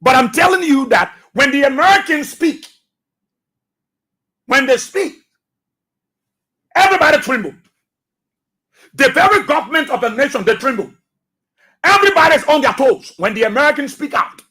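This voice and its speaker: A man's voice: very high-pitched, animated, normal speed, pauses often, pushed and bright. A man with a Liberian English accent hosting a radio talk show, delivering emphatic commentary with repeated phrases and rhetorical questions. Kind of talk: commentary monologue. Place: radio studio.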